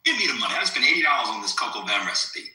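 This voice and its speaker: A man arguing in a crude, casual live-stream debate, provocative and animated. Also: medium pitch, very fast, echoey room, poor audio. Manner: animated, provocative, swings loud to soft.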